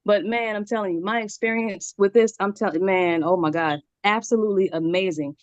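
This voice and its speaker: Woman, forties, very fast talker, excited, slightly breathless, video call, dry dull sound. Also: mid-range voice, dry recording. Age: 40s. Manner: very fast, excited, laughs often. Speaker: community member sharing a testimonial. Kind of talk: casual call testimony. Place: her room at home.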